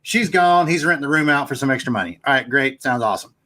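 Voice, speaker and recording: A man's voice: medium pitch, fast. A man co-hosting a podcast, telling a personal anecdote in a chatty way. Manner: chatty, animated anecdote teller. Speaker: podcast co-host. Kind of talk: casual podcast storytelling.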